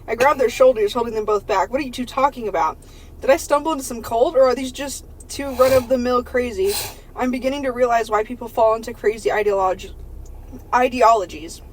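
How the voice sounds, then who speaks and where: A woman's voice: on the high side, fairly quick, slight background noise, rough recording. A woman podcast host reading an erotic novel aloud for laughs, stumbling over words and breaking into giggles.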